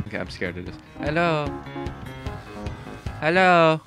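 A young man giving jumpy, profane commentary while playing a horror game, yelping and shouting when startled. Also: a little high, lively intonation, fast talker, faint music behind. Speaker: gaming YouTuber. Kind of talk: horror let's-play commentary. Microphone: gaming mic with headphones.

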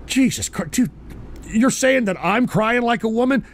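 A man hosts a live call-in stream with a high-set voice that grinds with heavy fry. He rants belligerently and profanely at his chat, often bursting into shouts. He talks into a desk microphone. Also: expressive, normal speed. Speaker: call-in show host.

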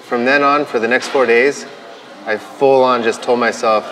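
A man, a tattoo artist, telling his story in a documentary interview, halting and restarting often and quoting his own thoughts. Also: mid-range voice, steady tone, rough recording. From United States.

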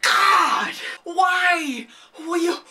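A woman with a high, bright voice rants through a reaction vlog. She swears nonstop and keeps flaring up into shouting, but between the outbursts she talks at an unhurried pace. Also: animated. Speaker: vlogger reacting to a webtoon chapter.

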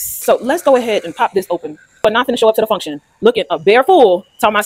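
A woman vlogging casually to camera, sassy and playful, reviewing a wine with sudden loud exclamations and Southern-tinged slang. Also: a little high, sing-song, normal speed.

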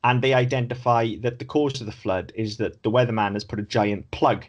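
A man's voice: medium pitch, steady tone, a little fast, dull audio. A man co-hosting a podcast, chatting casually and critically, swearing now and then. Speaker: podcast co-host. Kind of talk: casual chat.

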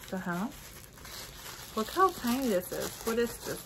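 Excitable woman unboxing beauty products. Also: on the high side, measured pace, pauses often, noisy background. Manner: excitable, gasping and exclaiming while unwrapping. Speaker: beauty vlogger. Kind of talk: casual unboxing chat. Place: indoors at a desk.

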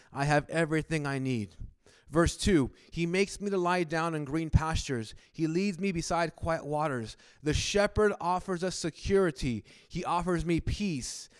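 A man's voice: fairly high pitch, clean tone, no room sound, studio quality. A man preaching a sermon at a church service in a conversational style, often restarting words and asking the congregation questions. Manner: asks the congregation direct questions. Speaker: pastor.

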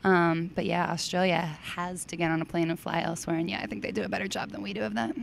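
An American woman talking casually as a podcast guest, chatty and quick to laugh. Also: fairly low pitch, vocal fry, a little hiss or hum. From United States. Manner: chatty, laughs easily, teasing. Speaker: podcast guest, CrossFit coach. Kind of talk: casual interview chat.

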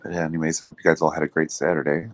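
A man's voice: very deep voice, racing, music in the background. A man hosting a live audio chat room, talking loosely with lots of fillers. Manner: relaxed, rambling, filler-heavy talk. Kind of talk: casual chat. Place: Thailand.

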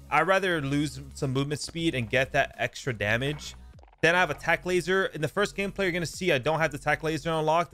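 An excitable young man talks through his shooter gameplay in a loose, casual way. His voice sits a little high for a man, and he bursts into exclamations at the action on screen. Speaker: gaming YouTuber. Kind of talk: gameplay commentary.

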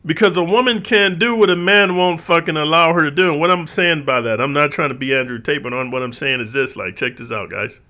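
A man's voice: on the high side, fairly quick, few pauses. A man hosting his own channel, delivering a profane, streetwise rant to viewers, saying "bro" constantly and acting out quoted people. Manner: lively, mimics others in quoted voices. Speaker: channel host. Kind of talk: ranting monologue to viewers.

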